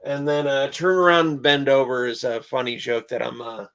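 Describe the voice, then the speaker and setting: A man's voice: mid-range voice, level tone, normal speed, a bit bright. A man explaining his stand-up comedy act in a rambling, casual way, with many fillers and restarts.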